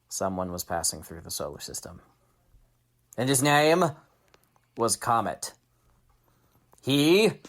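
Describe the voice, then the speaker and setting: A man hosting a children's story podcast, telling an improvised tale with shouted sound effects and dramatic hushed asides. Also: on the low side.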